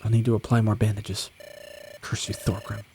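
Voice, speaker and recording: A man's voice: steady tone, moderate pace, warm tone, a little hiss or hum, lightly acted. A man doing a scheming wounded noble villain. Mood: scornful. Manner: low, muttering and contemptuous. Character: scheming wounded older noble brother, male. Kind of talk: fan audio drama acting.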